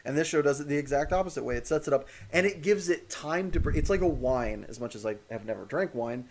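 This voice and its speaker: Animated, cursing man co-hosting a chat. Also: on the high side, fast, a little hiss or hum. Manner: animated, profane, rants with laughter. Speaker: podcast co-host. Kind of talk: casual chat.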